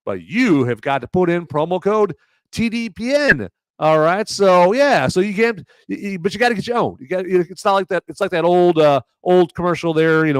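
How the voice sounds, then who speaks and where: A man's voice: on the high side, clear, resonant tone, no room sound. A man hosting a live movie review stream in casual, rambling talk full of fillers and crude jokes. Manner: rambling, peppered with "uh" and "right there"; jokey, crude banter.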